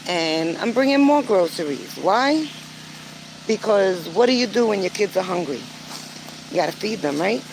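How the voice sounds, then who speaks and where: A woman's voice: mid-range voice, animated, moderate pace, creaky, a little mellow, a little hiss or hum, poor audio. An older woman vlogging casually to camera, chatty and earnest, with frequent filler words. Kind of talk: casual vlog talk to camera.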